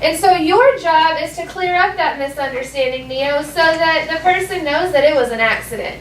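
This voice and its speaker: A woman with a high voice teaches a class, saying phrases slowly and clearly for the students to repeat. She is picked up from across an echoey classroom, with a faint hiss underneath. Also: a bit bright, distant mic. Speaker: elementary school teacher. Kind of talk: classroom language lesson.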